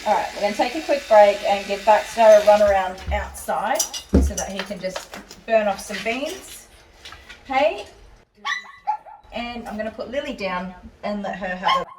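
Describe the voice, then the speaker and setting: A woman dog groomer talks through her work in a calm, explaining way and softens into soothing coos for the dog. She sits some way back from the camera mic in an indoor salon. Clippers buzz clearly behind her. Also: mid-range voice, moderate pace. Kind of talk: narrating a grooming session on camera. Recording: distant voice with clipper and dog noise.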